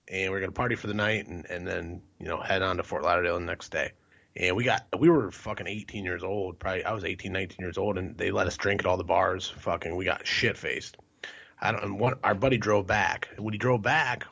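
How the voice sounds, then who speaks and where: Man from ohio, husky voice, low pitch, rambling profane storyteller, muffled lo-fi recording. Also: fairly bright tone. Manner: rambling, profane, laughs through his stories. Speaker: podcast co-host. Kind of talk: crude casual storytelling.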